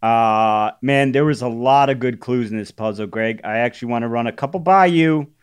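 A man's voice: medium pitch, moderate pace, clean tone, no room sound, clean studio sound. A man co-hosting a casual podcast chat about crossword puzzles, telling anecdotes and laughing often. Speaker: podcast co-host.

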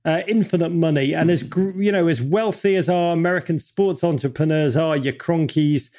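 A man's voice: a little high, normal speed, darkish tone. A man speaking as an interview guest, emphatic and impassioned, building rhetorical lists and swearing casually. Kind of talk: passionate interview talk.

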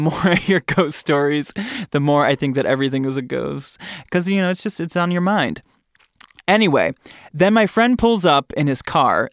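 A man's voice: a little high, dry recording, clean studio sound. A man hosting a podcast in casual chat, with a chatty, playful, campy manner. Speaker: podcast host.

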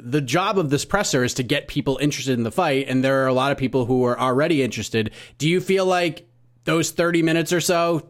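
A man hosting a casual podcast chat, steering it by putting questions to his co-hosts. His voice sits in a middle pitch, and he stammers at times. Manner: moderating, poses questions, stammers. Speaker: podcast host.

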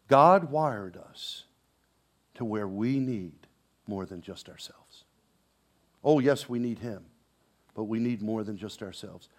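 A man preaching a sermon, swinging between loud proclamation and hushed, intense passages, with conversational asides and repeated words. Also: on the low side, slow, long pauses. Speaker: pastor.

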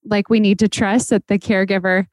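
A woman's voice: medium pitch, level tone, a little fast, darkish tone, no room sound. A woman host in casual podcast conversation, reflecting on parenting with many fillers.

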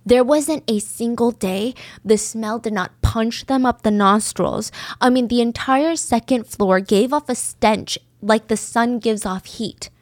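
A woman's voice: on the high side, unhurried, few pauses, no echo. A woman narrating a true crime story in a casual, chatty way, with conversational asides.

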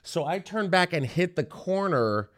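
A man co-hosting a podcast, telling a funny story in a casual chat and popping into high voices when he quotes people. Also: expressive, a little slow, a bit bright, no room sound, studio quality. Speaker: podcast co-host.

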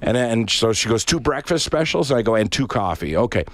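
A middle-aged Canadian man with a lowish voice talks fast, with no room sound, in casual conversation. He tells a long, animated anecdote, acting out the voices of the people in it.

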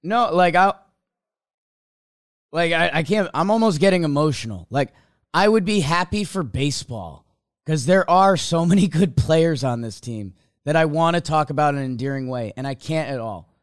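A man co-hosting a sports podcast, chatty and often laughing, with halting restarts. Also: fairly high pitch, expressive, dry recording, clean studio sound. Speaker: podcast co-host. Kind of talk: casual sports talk.

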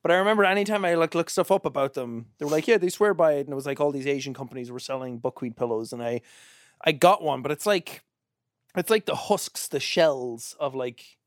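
A man's voice: a little high, fairly quick, dry recording, studio quality. A young man co-hosting a podcast, chatting casually and acting out silly voices with lots of giggling. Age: young adult. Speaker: podcast co-host. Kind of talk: casual chat.

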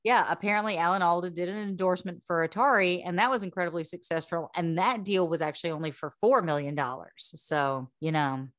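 A woman's voice: lowish voice, fairly quick, hardly any pauses, fairly bright tone, no echo, clean studio sound. A woman hosting a podcast, telling a story in a casual, chatty way with frequent laughs and repeated words. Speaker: podcast host.

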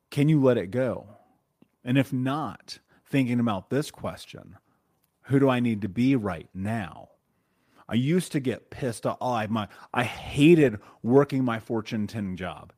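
A man's voice: medium pitch, darkish tone. A man hosting a solo podcast, talking bluntly and conversationally and often checking in with "right?". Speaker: podcast host.

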